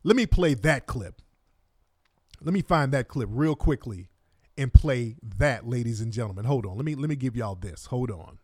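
A man's voice: mid-range voice, animated, normal speed, dry recording, clean studio sound. A man giving indignant, profane, mocking commentary while reacting to court video. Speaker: online commentator.

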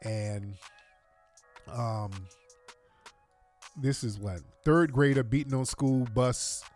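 A man's voice: mid-range voice, takes it slowly, a little mellow. An American man hosting a livestream with casual, slangy commentary. He sounds sarcastic and exasperated as he rambles through his points, with faint music behind him. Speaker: livestream host.

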